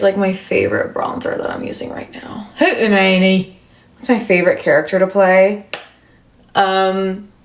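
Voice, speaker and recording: A woman's voice: on the low side, creaky. Chatty woman livestreaming in an echoey room. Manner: chatty, many fillers, answers viewer comments. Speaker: livestream host. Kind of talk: casual livestream chat with viewers.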